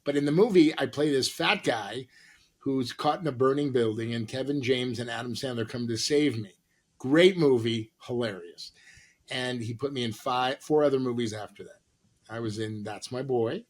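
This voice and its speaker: A middle-aged man from Los Angeles, an actor and comedian, telling animated stories in an interview and acting out the people he quotes. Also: medium pitch, normal speed. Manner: animated anecdotes with acted-out quotes. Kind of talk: storytelling interview.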